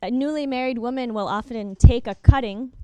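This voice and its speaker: A young adult woman giving a workshop presentation over slides, talking quickly with frequent ums and uhs and correcting herself as she goes. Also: on the high side, dark tone, clean tone, no room sound.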